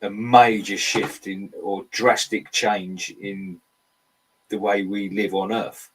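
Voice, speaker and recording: A man with an Essex accent, calmly explaining things in a casual talk. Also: on the low side, takes it slowly, slightly rough, poor audio. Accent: Essex English. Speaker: podcast co-host. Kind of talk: casual conversation.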